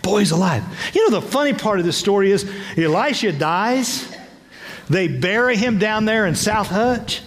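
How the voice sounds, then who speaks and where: Man in his 60s preaching, high lively voice, playful storyteller, swoops all over. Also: moderate pace, in a large hall. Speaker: bishop preaching. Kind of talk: sermon.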